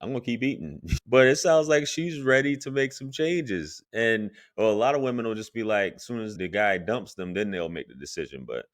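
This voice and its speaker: A man comments on a video clip in a low voice, offering blunt opinions directly to his audience. The recording is dry and close, with no room sound. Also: expressive, normal speed, hardly any pauses, no room sound. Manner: opinionated, addresses viewers directly. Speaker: reaction commentator. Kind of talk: reaction commentary.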